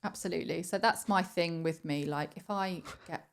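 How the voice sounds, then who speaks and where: Earnest woman, lower voice. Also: normal speed, slight background noise. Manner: earnest, self-justifying. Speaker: interview guest. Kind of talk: TV interview.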